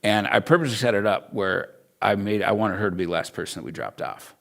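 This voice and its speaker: A man's voice: fairly low pitch, fast talker, gravelly, a bit bright. A man, teaching a Bible school class through an earnest, emotional personal story.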